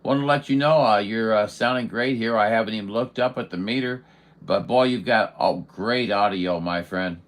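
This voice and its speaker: Folksy, low-voiced radio operator man. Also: normal speed. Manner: folksy, chatty, many fillers. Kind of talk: radio contact chat.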